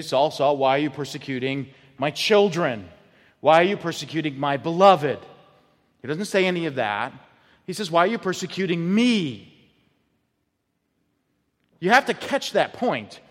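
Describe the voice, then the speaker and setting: A man's voice: fairly high pitch, lively intonation, moderate pace. A man preaching a sermon as pastor, emphatic and often repeating his words as he builds a point. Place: church sanctuary. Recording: long hall reverb.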